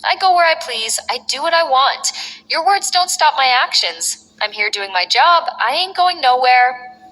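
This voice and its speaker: A woman's voice: sits high, animated, measured pace, pushed and bright, heavily acted. A woman voicing an arrogant, brutal male wrestler who taunts and boasts. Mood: defiant. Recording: echoey long reverb.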